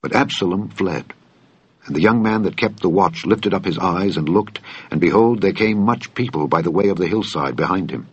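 Deep husky man reading scripture solemnly. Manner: solemn, measured, archaic phrasing. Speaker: Bible reader. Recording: dull lo-fi dry recording.

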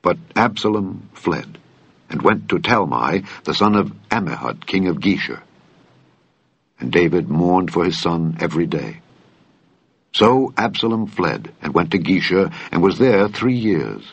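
A man reading scripture aloud in a solemn, measured way. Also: low-pitched, big pitch swings, slightly rough, dry recording. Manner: solemn, measured, archaic phrasing. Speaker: Bible reader. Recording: dull lo-fi dry recording.

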